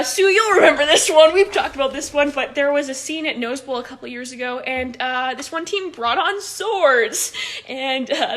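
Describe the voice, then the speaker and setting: A woman's voice: sits high, pushed and bright. A young woman talking casually on a phone livestream as an improv coach, chatty, with many fillers and frequent laughs.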